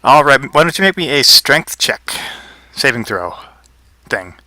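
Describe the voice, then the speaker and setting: A man game-mastering a tabletop session, narrating with a light, teasing edge. His voice is bright and crisp, and the sound is dry with no room in it. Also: mid-range voice, sing-song, unhurried, dry recording. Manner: playful, teasing players about rolls.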